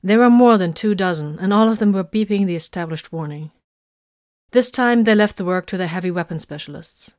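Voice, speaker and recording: A woman narrating an audiobook in a steady storytelling manner. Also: medium pitch, a little fast, no room sound, studio quality.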